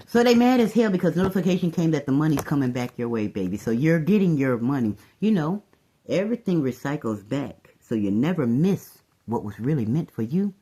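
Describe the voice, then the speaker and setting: A woman giving a casual tarot reading to her viewers, animated, calling everyone "baby" and laughing often. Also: very deep voice, breathy edge. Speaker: tarot reader.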